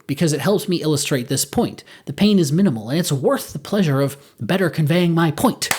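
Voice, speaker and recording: A man's voice: on the high side, a little mellow. A man giving a scripted philosophical monologue for his video essay, reasoning aloud in an earnest way and correcting himself as he goes.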